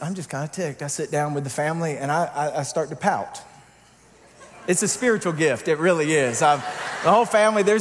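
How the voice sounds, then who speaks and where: A pastor telling a humorous personal story in a sermon, turning earnest and quiet, with lively, mock-exasperated asides. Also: male voice, fairly high pitch. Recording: long hall reverb.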